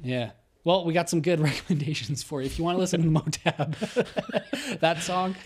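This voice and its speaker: A young man co-hosting a podcast reads a listener's story aloud and chats, laughing often. His voice is on the high side and husky, at normal speed.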